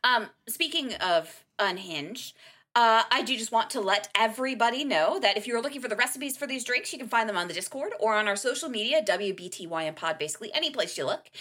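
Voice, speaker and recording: A woman co-hosting a casual podcast, playful and chatty as she runs through the show's announcements. Her voice is bright and rather high, with a lot of up-and-down movement. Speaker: podcast co-host. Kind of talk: casual chat.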